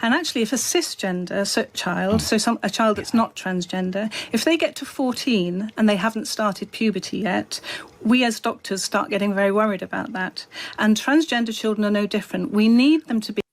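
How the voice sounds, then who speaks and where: A woman doctor answering interview questions in a measured, clinical way, sometimes restarting her sentences. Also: medium pitch.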